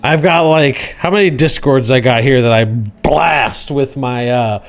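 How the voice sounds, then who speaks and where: A man hosting a casual livestream, rambling and joking, acting out quoted shouts. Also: mid-range voice, normal speed, few pauses, faint music behind. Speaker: livestream host.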